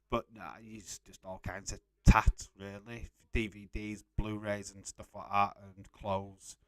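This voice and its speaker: A man's voice: lowish voice, little pitch movement, slow, no echo. A young man casually hosting a live stream, reading out and answering chat messages and laughing often.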